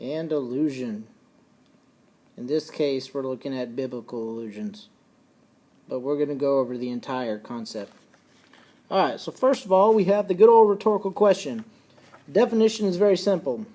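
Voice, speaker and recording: A man teaching a recorded lesson, folksy and casual, slowing down and repeating key points so students can take notes. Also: mid-range voice, lively intonation, dark tone. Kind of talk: recorded classroom lecture.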